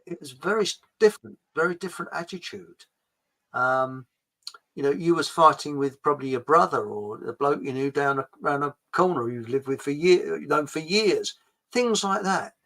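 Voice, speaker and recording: A man hosting a casual talk show, rambling and jokey, swinging between loud and quiet. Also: fairly high pitch, animated, moderate pace, rough recording. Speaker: show host. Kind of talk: casual political chat.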